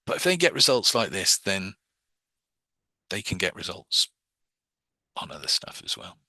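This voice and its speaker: A man with a fairly low voice and a very bright, cutting edge teaches hypnosis to a class. He works through his own phrasing piece by piece and explains why each word is there. The sound is close and dry. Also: big pitch swings, measured pace, gravelly, dry recording. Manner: analytical, breaks down his own wording step by step. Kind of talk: explaining and demonstrating techniques to a class.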